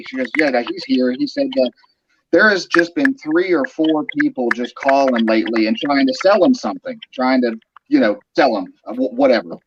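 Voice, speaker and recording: Man, animated storyteller, laughing, casual chat, muffled lo-fi audio, noisy background. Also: fairly quick. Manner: animated, laughing, voice climbing high when excited. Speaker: guest telling a story. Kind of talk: casual storytelling on a group video call. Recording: dull lo-fi sound with clear background noise.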